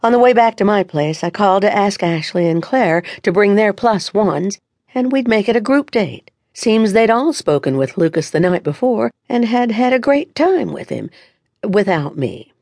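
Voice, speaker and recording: A woman's voice: mid-range voice, lively intonation, moderate pace, darkish tone, no room sound. A woman narrating a first-person romance audiobook in an intimate, confiding way on a close studio mic.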